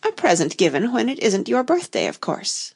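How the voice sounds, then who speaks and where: A woman's voice: a little high, huge pitch swings, normal speed, vocal fry, husky, voice pushed up, exaggerated voice. A woman putting on a pompous touchy egg man. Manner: pompous, argumentative. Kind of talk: audiobook reading.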